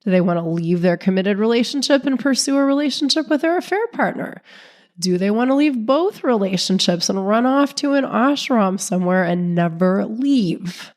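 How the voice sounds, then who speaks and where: A woman relationship coach hosting her own podcast, talking calmly and steadily while sick, her voice sounding off from illness. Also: mid-range voice, moderate pace. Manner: calm, steady, non-judgmental explaining. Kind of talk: solo podcast talk.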